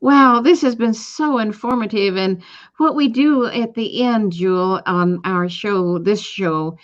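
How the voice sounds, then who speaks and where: A woman's voice: medium pitch, unhurried. A woman hosting a casual online talk show, asking her guest questions in a friendly way and reading out viewer comments. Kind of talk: casual chat show interview. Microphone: webcam on a video call. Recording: dull lo-fi call audio.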